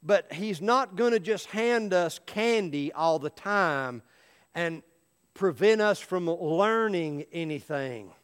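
Earnest high-voiced male pastor preaching. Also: expressive, slow, clean tone, big-room sound. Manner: earnest, folksy storytelling. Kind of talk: sermon. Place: church.

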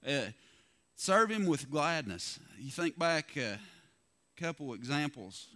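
A man preaching a sermon, folksy and lively, asking the congregation rhetorical questions. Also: on the high side, slow pace. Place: church.

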